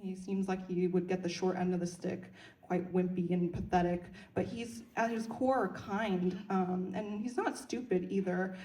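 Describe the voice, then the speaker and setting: A woman interpreting Korean into English at a film Q&A, speaking clearly and evenly. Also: lowish voice, steady tone, unhurried, mellow, distant mic. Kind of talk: consecutive interpreting.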